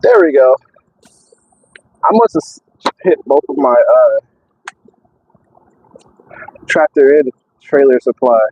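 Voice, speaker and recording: Rambling truck driver on a live stream. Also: male voice, mid-range voice, takes it slowly, long pauses, lo-fi sound, a little hiss or hum. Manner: rambling, excitable, lots of fillers and repeats. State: out of breath. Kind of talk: casual live-stream chat. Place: in and around a truck.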